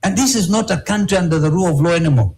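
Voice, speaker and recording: A man's voice: high-pitched, lively intonation, very fast, darkish tone, poor audio. Emphatic Kenyan politician, man. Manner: emphatic, repeats key phrases, checks in with "all right?". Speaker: opposition politician being interviewed. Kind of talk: political interview answers.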